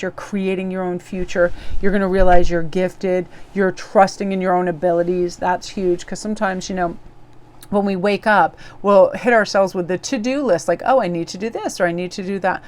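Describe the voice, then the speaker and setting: A woman's voice: medium pitch, steady tone, normal speed. A woman giving a casual daily tarot reading in a bubbly, effusive, chatty way. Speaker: tarot reader.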